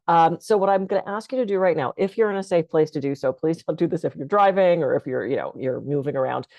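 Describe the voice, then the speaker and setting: Calm woman guiding a breathing exercise. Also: sits low, fast talker, no echo, lo-fi sound. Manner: calm, conversational, gently instructive. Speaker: stress management speaker. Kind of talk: guided breathing talk. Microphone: video call.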